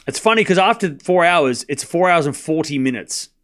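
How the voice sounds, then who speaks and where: A man's voice: fairly high pitch, expressive, a bit bright. A man streaming casual tennis play-by-play, calling scores and chatting back to viewers late at night. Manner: chatty, banters with viewers, quick score calls. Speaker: livestream tennis commentator. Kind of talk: casual play-by-play commentary and chat replies.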